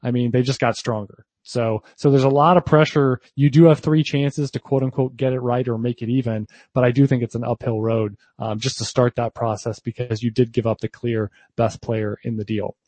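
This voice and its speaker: A man's voice: mid-range voice, steady tone, normal speed, hardly any pauses, a little mellow, no room sound. A man co-hosting a fantasy football show, chatting casually with lots of fillers and restarts. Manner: talkative, frequent fillers and restarts. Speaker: podcast co-host.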